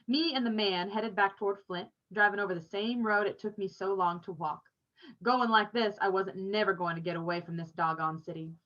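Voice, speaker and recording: A woman reads a novel aloud, telling the story with expression. Her voice sits at a middle pitch. The recording is somewhat dull and lo-fi. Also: brisk, fairly bright tone. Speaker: reader.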